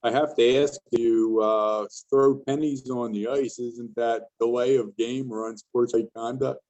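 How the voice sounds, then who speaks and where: Man, class moderator, brisk, flat delivery, dark tone, muffled video call sound. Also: mid-range voice. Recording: dull lo-fi video call audio.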